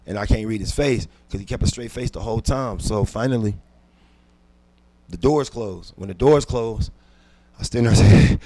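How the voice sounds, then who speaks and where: A man, a comedian guest on a podcast, telling a personal story intensely and dropping from hushed to loud, with frequent repeats and restarts. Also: medium pitch, fast talker, no echo. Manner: repeats words and restarts while recounting.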